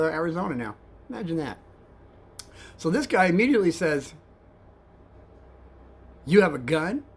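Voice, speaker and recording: A man who used to drive a cab, telling a story casually and softly, with a rambling manner and calling his viewers kids. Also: fairly high pitch. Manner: soft-spoken and rambling, addresses viewers as kids.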